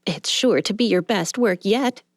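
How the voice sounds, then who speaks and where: A woman narrator voicing an excited, chattering female admirer. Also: medium pitch, measured pace, dry recording, studio quality, voice pushed up, close to an everyday voice. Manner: chattering, eager.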